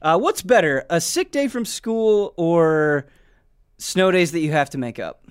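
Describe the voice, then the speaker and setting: A man's voice: on the high side, animated, a little slow, clean tone. A man hosting a casual chat, rambling with lots of fillers. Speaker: podcast host.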